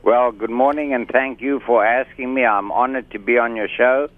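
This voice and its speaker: A man's voice: mid-range voice, steady tone, moderate pace, no room sound. A man with a South African accent, a guest doctor in a radio interview, talking in a formal, chatty, self-assured way. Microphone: phone line. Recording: tinny phone line.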